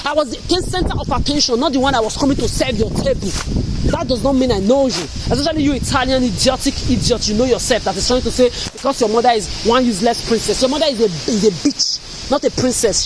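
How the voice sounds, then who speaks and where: A woman from Africa speaks straight to her viewers in a furious, accusatory rant. She curses freely and circles back to the same charges again and again. The delivery is harsh and relentless, with the steady, unscripted cadence of a spoken vlog. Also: on the high side, fast talker, background noise. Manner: furious, repetitive, cursing, accusatory. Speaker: vlogger. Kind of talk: angry monologue rant.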